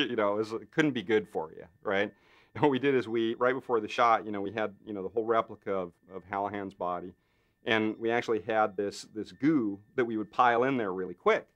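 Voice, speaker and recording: A man in an interview, a special effects artist telling a behind-the-scenes story with lots of fillers and acted-out voices. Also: on the low side. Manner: animated storyteller, acts out others' lines with lots of fillers. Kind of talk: anecdotal interview.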